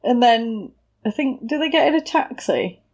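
A woman's voice: fairly high pitch, expressive, normal speed. A woman in casual chat, recapping a film with giggles and silly voices for the people in it. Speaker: podcast co-host.

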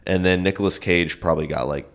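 Very deep-voiced man chatting on a podcast. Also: fairly even intonation, fast talker, fairly bright tone, a little hiss or hum. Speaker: podcast co-host. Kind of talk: casual chat.

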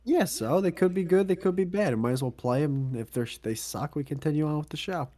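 A man's voice: a little high, brisk, dark tone. Teasing, profane podcast co-host man. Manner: teasing, swears freely, laughs often. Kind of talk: casual podcast banter.

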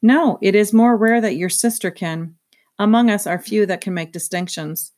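A woman reading aloud, voicing a calm, decent man who speaks in formal, old-fashioned phrases. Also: mid-range voice, normal speed, close to an everyday voice. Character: calm, decent adult male soldier.

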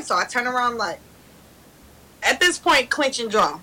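A young woman telling a story in casual chat, animated and laughing, loudly acting out what others said. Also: on the high side, moderate pace, poor audio.

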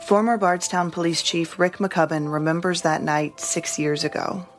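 A woman narrating a news story in a measured, scripted way. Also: on the low side, steady tone, faint music behind.

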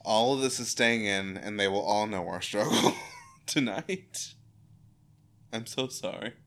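Man co-host, slow giggly delivery, swears a lot, loose podcast chat. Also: lowish voice, lively intonation, fairly bright tone. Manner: laughs often, swears freely. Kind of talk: casual rewatch chat.

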